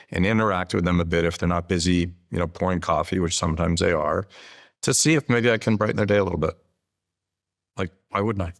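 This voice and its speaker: A very deep-voiced man in his sixties speaks as a guest in an interview. He lays out his thinking in a measured, explanatory way and slips into anecdotes. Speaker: interview guest, chief executive. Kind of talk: conversational interview.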